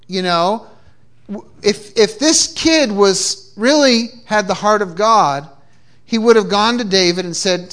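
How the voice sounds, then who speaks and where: Man, pastor, from New England, sermon, high voice, bright tone, call-and-response, repeats his words. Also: takes it slowly. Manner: call-and-response preaching, frequent repeated restarts. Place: church.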